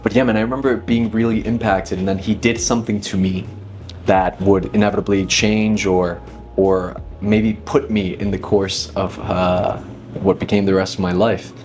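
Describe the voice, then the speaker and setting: A man's voice: on the low side, level tone, normal speed, darkish tone, faint music behind. A man in his thirties, a magician, talking reflectively as an interview guest, with frequent restarts. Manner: thoughtful, many restarts, leans on 'inevitably'. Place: dinner table.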